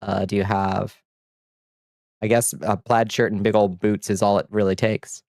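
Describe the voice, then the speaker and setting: This man's voice is on the low side, level and darkish, at a normal speed, captured with clean studio sound and no room sound. On his livestream he reads chat messages aloud and banters back with crude, blunt humor, laughing frequently.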